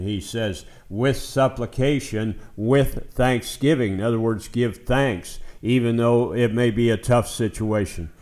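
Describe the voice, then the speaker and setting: Earnest low-voiced man preaching. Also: darkish tone. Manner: earnest, pleading when quoting prayers and psalms. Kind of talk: sermon. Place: Kenya.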